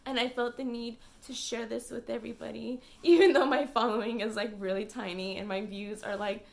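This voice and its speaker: A woman's voice: a little high, steady tone, fairly quick, vocal fry. A young woman vlogging, venting in a casual, emotional way, with fillers and swearing.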